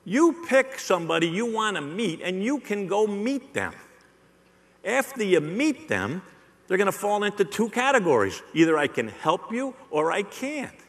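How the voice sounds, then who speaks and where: A man's voice: high-pitched, big pitch swings, normal speed, slightly rough. A man giving a live keynote on sales to a conference audience, joking and teasing the crowd with punchy repetition. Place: large hall on stage. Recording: long hall reverb.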